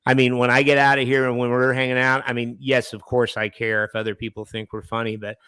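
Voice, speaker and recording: A man co-hosting a comedy podcast, talking in a loose, rambling way and circling back to his point. His voice is smooth and resonant. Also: mid-range voice, flat delivery, fast, bright, forceful tone, no echo. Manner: rambling, repeats and restarts, says "man". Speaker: podcast co-host. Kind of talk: casual comedy podcast chat.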